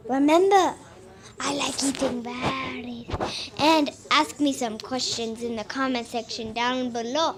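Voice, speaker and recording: Woman, high voice, unhurried delivery, playful, goofy, rambling vlog host. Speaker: channel host. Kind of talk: silly toy skit vlog.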